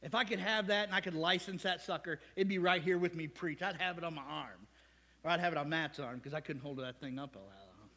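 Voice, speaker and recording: Male pastor, high voice, chatty sermon full of jokes and rhetorical questions, long reverb. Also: brisk, pushed and bright. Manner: conversational, joking, rhetorical questions. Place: church sanctuary.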